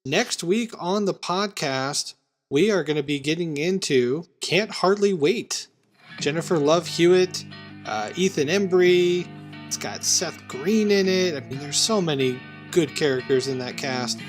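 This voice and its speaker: A man's voice: a little high, measured pace, soft background music. Chatty male podcast host. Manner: chatty, plugs the show and previews films. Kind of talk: casual podcast chat.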